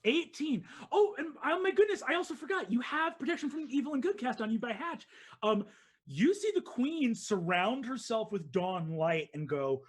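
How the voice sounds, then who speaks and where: An excitable man narrates a tabletop game as dungeon master. He talks with an animated, eager energy and sprinkles his narration with fillers and quick restarts. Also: very high voice, slightly rough.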